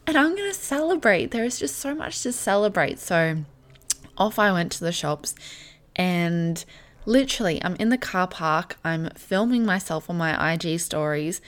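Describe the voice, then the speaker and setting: Gushing young woman podcast host. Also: lowish voice. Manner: warm, gushing and heartfelt, with many "like" and "literally" fillers. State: emotional, near tears at times. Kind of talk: casual solo podcast chat.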